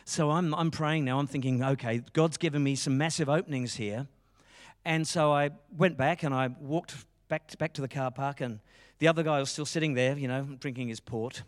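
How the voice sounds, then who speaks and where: A man's voice: medium pitch, steady tone, normal speed, in a large hall. A middle-aged man preaching a sermon, passionate and full of told stories. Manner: passionate, storytelling with quoted dialogue. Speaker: pastor.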